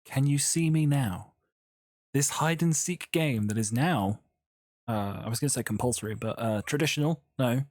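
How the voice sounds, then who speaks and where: Chatting as they build in Minecraft, a YouTuber rambles and keeps breaking off mid-thought. The mid-range voice has a darkish tone and moderate pace, with clean studio sound and no echo.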